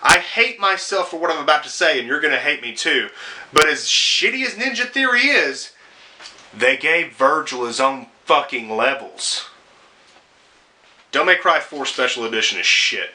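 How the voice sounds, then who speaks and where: A man's voice: a little high, lively intonation, moderate pace, pushed and bright. A young man delivering a profane, sarcastic rant as a video game reviewer, with frequent swearing and exasperated asides. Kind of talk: ranting commentary video.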